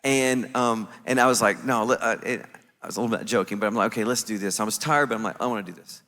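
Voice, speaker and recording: Male conference speaker with a lowish, bright voice, lively storyteller, hall echo. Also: fast. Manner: animated, acts out his own quoted reactions. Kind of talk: storytelling talk on stage. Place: conference stage in a large venue. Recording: echoey large hall.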